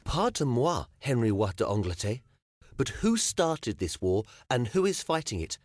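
A man's voice: medium pitch, big pitch swings, unhurried, dry recording, clean studio sound, voice pushed up. A male audiobook narrator voicing a proud, blunt young medieval queen who speaks firmly and plainly. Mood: defiant. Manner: firm, commanding, matter-of-fact. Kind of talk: audiobook character voice.

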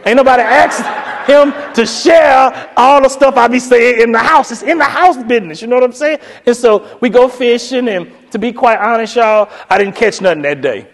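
A man giving a storytelling keynote speech, animated and acting out other people's voices. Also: normal speed, big-room sound. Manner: animated, acts out voices with high falsetto for women. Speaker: keynote speaker.

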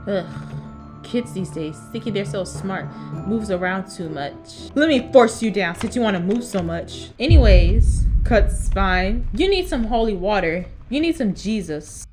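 A woman's voice: mid-range voice, lively intonation, a little slow. A young woman chatting through a role-play video game as a sassy nurse character, teasing and talking back. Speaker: gaming YouTuber playing a nurse character. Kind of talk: Roblox role-play commentary. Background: game background music.

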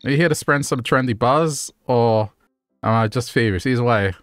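A man's voice: medium pitch, normal speed, no room sound, studio quality, faint music behind, lightly acted. A man reading a gushing butterfly influencer. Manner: gushing, slang-heavy. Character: bubbly trendy female butterfly influencer.

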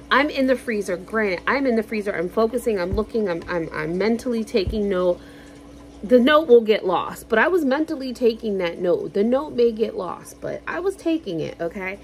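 A woman vlogger telling stories in a casual, animated way, swearing freely and acting out quotes loudly. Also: medium pitch, moderate pace, creaky. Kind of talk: casual storytelling.

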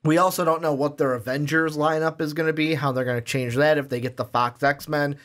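A man co-hosting a podcast in a relaxed chat. He speculates in long, run-on stretches. He keeps the talk moving with easy fillers. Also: on the high side, fairly quick. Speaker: podcast co-host. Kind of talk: casual chat.

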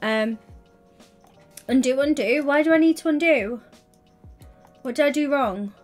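An excitable woman livestreamer chats while she plays a building game. Her talk is gushing and affectionate, and she welcomes viewers by name. Faint music plays behind her. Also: high voice, a little slow. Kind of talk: casual gaming livestream chat.

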